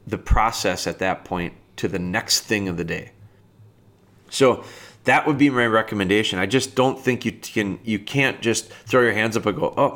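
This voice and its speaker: Guy with a lowish voice chatting about training puppies, plain and easygoing. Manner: plain-spoken, restarts, bursts into high excited puppy calls. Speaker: dog trainer. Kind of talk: casual advice talk.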